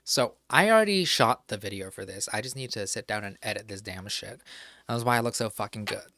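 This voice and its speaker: A man's voice: lowish voice, expressive, a little fast, sharp tone, no room sound, clean studio sound. A man streaming from home who chats casually, rambles to himself, and swears freely. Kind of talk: casual live-stream chat.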